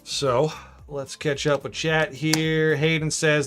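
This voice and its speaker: A man from southern Ontario, hosting a casual live stream at home, relaxed and rambling as he reads chat messages aloud between fillers. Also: mid-range voice, a little slow, soft background music. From Canada, southern Ontario. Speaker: live-stream host, LEGO builder.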